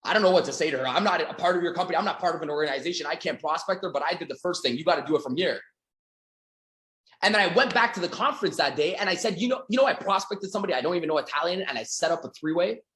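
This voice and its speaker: Energetic Canadian sales coach in an echoey room. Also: male voice, racing. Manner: energetic, acts out quoted dialogue with big pitch swings. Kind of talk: motivational seminar talk.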